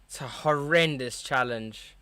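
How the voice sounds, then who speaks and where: A young man hosting a live football watchalong, reacting to the match with chatty, excitable fan commentary. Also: mid-range voice, measured pace, clean tone, no room sound.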